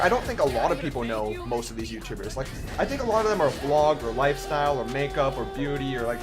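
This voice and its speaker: A young man in his twenties, a gaming YouTuber, ranting in casual, sarcastic commentary. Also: on the high side.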